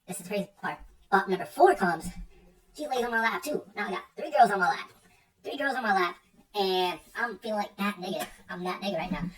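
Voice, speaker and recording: A man's voice: high voice, a little fast, fairly bright tone. A young man telling a casual, rambling story full of slang and swearing, often repeating himself as he goes. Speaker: streamer. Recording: distant mic with faint music.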